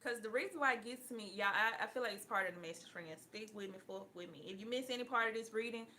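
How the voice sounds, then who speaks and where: Bright-voiced woman preaching casually with profanity. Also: medium pitch, fast talker, slight background noise. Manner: profane, preachy, laughing often. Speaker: online spiritual reader. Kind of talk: casual live-stream talk.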